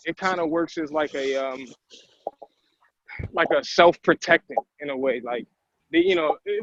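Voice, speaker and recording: A man's voice: fairly high pitch, fairly bright tone, highs cut off. A man calling in with questions in a casual chat, hesitant and rambling with many fillers. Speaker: caller asking questions.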